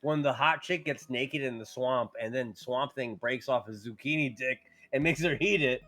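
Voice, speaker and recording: A man co-hosting a live-streamed podcast, talking crudely and laughing a lot, sometimes breaking into shouts. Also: mid-range voice, moderate pace, slight background noise. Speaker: podcast co-host.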